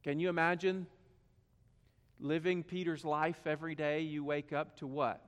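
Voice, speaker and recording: A pastor with a Southern drawl preaching in a fairly high voice. He drops to a near murmur, then builds to loud, pressing questions. A long hall reverb trails each phrase. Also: little pitch movement, moderate pace, clean tone. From South Carolina. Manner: swings from hushed to loud and emphatic, rhetorical questions. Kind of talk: sermon.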